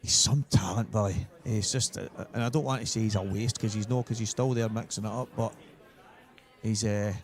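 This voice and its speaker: Storytelling Scottish pool commentator. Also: male voice, on the low side, brisk. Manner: storytelling, animated in retold quotes. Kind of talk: live sports commentary. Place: commentary position at a venue.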